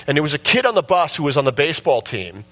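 A man preaching a sermon, telling a story with passion and building to shouts at its peak. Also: on the high side, sing-song, fast. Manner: impassioned storytelling, rising to shouts at the climax. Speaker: pastor.

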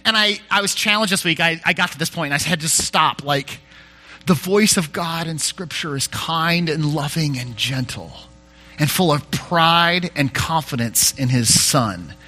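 Guy pastor talking thru a sermon, bright tense voice, keeps restarting sentences, kinda self-deprecating. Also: on the high side, expressive, measured pace, soft background music. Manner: conversational, frequent restarts and self-corrections.

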